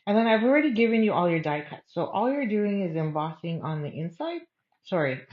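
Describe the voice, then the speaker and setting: A woman's voice: mid-range voice, sing-song, fairly quick, narrow, tinny audio. Chatty woman demonstrating a craft. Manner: chatty, thinks aloud while working. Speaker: craft class host. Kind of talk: casual step-by-step craft demo.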